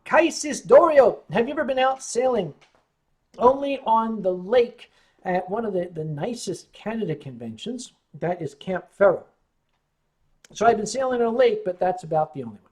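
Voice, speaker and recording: A tipsy male streamer, a bit drunk on wine, chats casually on a livestream in a high-pitched, expressive voice at normal speed. Wry and joking, he rambles through stories and reads his chat aloud.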